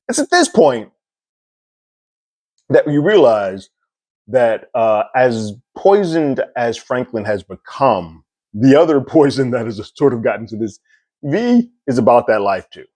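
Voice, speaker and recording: A man giving a casual, animated recap and review of a TV episode, chuckling often. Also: medium pitch, no room sound. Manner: animated, chuckles often, slips into quick impressions.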